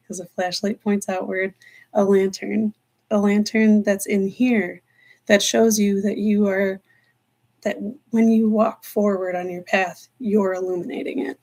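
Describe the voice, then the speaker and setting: A woman hosting a live tarot stream, talking in an earnest, meandering way, slowing down on key words and near tears at times. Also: medium pitch, warm tone. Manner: earnest, meandering, slows down for emphasis. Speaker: tarot reader livestream host. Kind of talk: live-stream spiritual talk.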